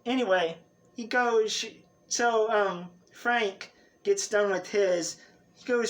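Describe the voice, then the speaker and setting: A man runs a tabletop role-play game as its narrator, talking slowly. He rambles and stops often, filling gaps with "um" and "uh" and restarting his sentences. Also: high voice. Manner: rambling, halting, many fillers and restarts. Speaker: game master.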